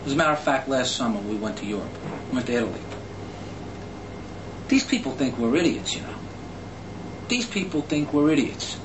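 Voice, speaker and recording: A man's voice: medium pitch, expressive, brisk, pauses often. Blunt, indignant New man. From New Jersey, USA. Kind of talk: rambling anecdote. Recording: echoey room, distant mic, faint noise.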